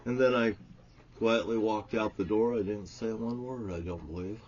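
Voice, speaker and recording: A self-proclaimed prophet, this man fires off a furious, foul-mouthed speech to the camera, alternating between bellowed swearing and hushed, muttered tales. He talks at a moderate speed with fairly flat intonation, and the recording is muffled.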